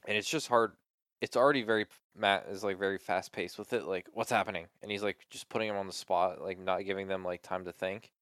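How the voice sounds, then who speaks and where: A man's voice: low-pitched, steady tone, fairly quick, fairly bright tone, clean tone, dry recording, clean studio sound. A young man co-hosting a casual chat, talking loosely with lots of fillers and swearing. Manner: loose, swears often, trailing filler words. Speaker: podcast co-host.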